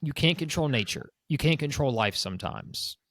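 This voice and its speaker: A man's voice: medium pitch, moderate pace, no room sound. A man co-hosting a business podcast as a broker, chatting casually and acting out what clients say. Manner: animated, acts out clients' quotes.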